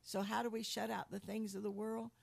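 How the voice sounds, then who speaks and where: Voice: medium pitch, little pitch movement, brisk, vocal fry, no echo. An earnest preacher in an informal sermon, quoting scripture and often repeating and restarting words.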